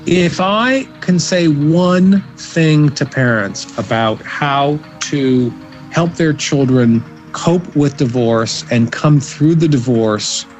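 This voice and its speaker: A man speaking as a psychologist guest in an interview, giving measured advice and often repeating words as he thinks. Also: on the high side, soft background music, rough recording. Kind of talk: interview answers.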